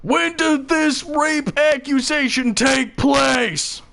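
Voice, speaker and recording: A man voicing an angry young man who storms into a courtroom, shouting high-pitched outbursts. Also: sing-song, measured pace, heavily acted. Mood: indignant, shouting.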